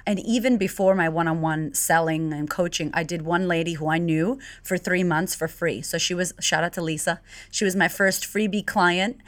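A middle-aged woman, an animated podcast guest who laughs easily and swears casually. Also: lowish voice, moderate pace. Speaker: podcast guest, confidence coach. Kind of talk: casual interview chat.

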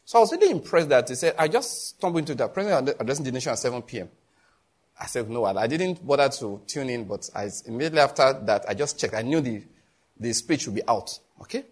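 A man's voice: fast, breathy edge. A man with a Nigerian accent preaching a sermon as a pastor, telling stories and acting out the people in them. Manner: animated storytelling, voicing others in a raised pitch.

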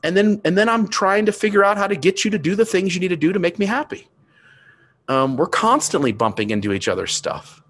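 A man's voice: high voice, lively intonation, a little fast, a bit bright. A man in his fifties, a grandfather, telling a family story in casual chat as a podcast co-host. His voice rises and he swears when he gets riled.

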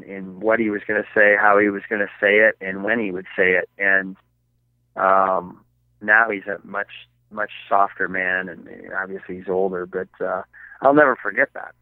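A man's voice: on the low side, no echo. A middle-aged man from Michigan telling hunting stories as a podcast guest, rambling with many fillers and restarts. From Michigan, United States. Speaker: podcast guest, archery filmmaker. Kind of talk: casual storytelling. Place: his basement at home. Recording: tinny phone-like line.

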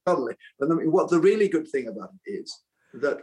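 A man's voice: on the high side, sing-song, quick pace, mellow, low-quality recording. An older man, an author who once taught school, talks reflectively in an interview, earnest and rambling, often restarting his sentences. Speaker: author and former teacher.

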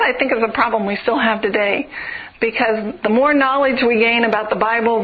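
A woman preaching a sermon, earnest and building through rhythmic repeated phrases. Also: on the high side. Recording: tinny phone-like radio broadcast.

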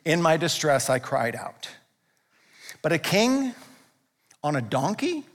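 A male pastor from Canada preaching a sermon, emphatic and swinging between hushed and loud passages. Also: fairly high pitch, very animated, takes it slowly. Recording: long hall reverb.

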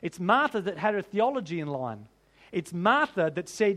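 Male pastor, high voice, conversational sermon delivery with questions to the room. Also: sing-song, moderate pace, a bit bright. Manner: conversational preaching with rhetorical questions to the congregation.

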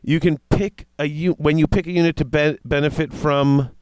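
Excitable man reading game rules aloud. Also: fairly high pitch, normal speed, smooth, no echo. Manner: reads rules aloud, then reacts excitedly. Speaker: tabletop wargame player discussing rules. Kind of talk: casual chat.

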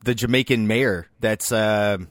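A man's voice: lowish voice, steady tone, unhurried, no echo. A man co-hosting a podcast, casually explaining film trivia with a knowing tone and dry laughs. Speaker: podcast co-host.

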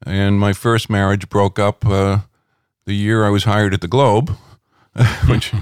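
Low, smooth-voiced man telling stories. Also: little pitch movement, unhurried, dry recording, studio quality. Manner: rambling anecdotal, many fillers. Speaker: rock critic guest. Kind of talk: relaxed interview storytelling. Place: home.

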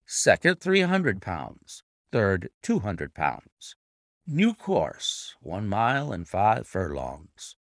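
A man narrating a classic detective story aloud with a deliberate, expressive reading. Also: on the low side, dry recording, clean studio sound. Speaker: reader and annotator of classic stories.

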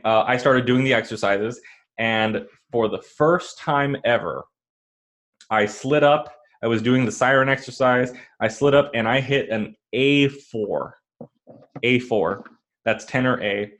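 A man's voice: mid-range voice, a bit bright. Chatty man telling a personal story. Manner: rambling, full of fillers and restarts. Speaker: podcast co-host.

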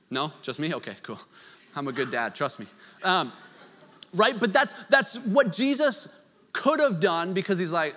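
A man preaching a sermon, conversational with joking asides, swinging from loud to hushed. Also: high-pitched, very animated, measured pace, big-room sound. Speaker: pastor.

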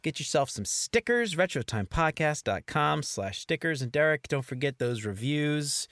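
A man's voice: a little high, sing-song, normal speed, a bit bright, no room sound, clean studio sound. A man co-hosting a casual podcast, talking in a laid-back, playful, chatty way. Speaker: podcast co-host.

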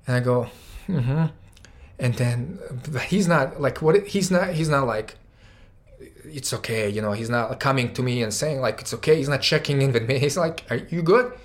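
A man's voice: mid-range voice, a little fast, hardly any pauses. A young man telling a personal story, casual and heartfelt, with many "like"s. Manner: casual, says "like" often, grows louder and more emotional. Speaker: guest storyteller.

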